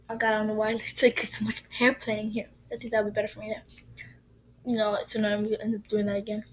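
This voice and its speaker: A woman's voice: on the high side, a little hiss or hum, low-quality recording. A woman telling a ghost story in a casual, rambling way, often dropping to a whisper.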